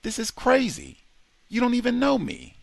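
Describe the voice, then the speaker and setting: Brief: wary young male prisoner, bluffing and guarded, slow delivery, done by a male narrator. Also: low voice, huge pitch swings, gravelly, fairly bright tone, no room sound, full character voice.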